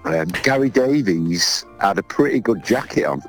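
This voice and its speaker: A man with a very deep, low voice, chatting casually on a podcast. He rambles through his stories with a self-mocking touch. Faint music sits under the talk. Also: expressive, moderate pace, breathy edge. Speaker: podcast co-host. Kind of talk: casual chat.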